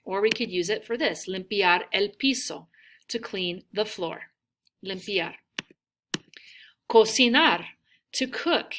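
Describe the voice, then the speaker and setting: Bright-voiced woman teaching vocabulary. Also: mid-range voice. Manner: models words slowly, prompts repetition. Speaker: Spanish teacher. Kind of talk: recorded classroom lesson.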